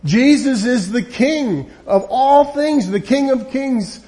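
A man with a high voice delivers a sermon to his congregation. He talks emphatically and conversationally, repeating his points and often saying "you know". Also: lively intonation, takes it slowly, dark tone. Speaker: preacher.

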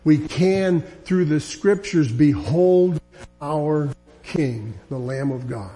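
A man's voice: fairly high pitch, expressive, slow, mellow, faint music behind. A man preaching a sermon, building emphatic, repetitive lines that grow more insistent.

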